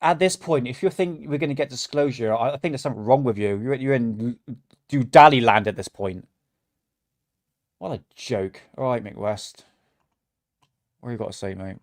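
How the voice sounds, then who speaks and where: Speaking at normal speed with long pauses, a man with a medium-pitched voice rants on his reaction livestream. He is exasperated, swears, and stammers through frequent restarts.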